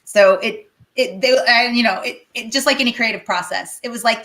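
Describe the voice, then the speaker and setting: Bubbly woman co-host, bright voice, kinda high, lots of "like", acts out her own inner voice. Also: a little fast, few pauses. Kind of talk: casual talk-show chat.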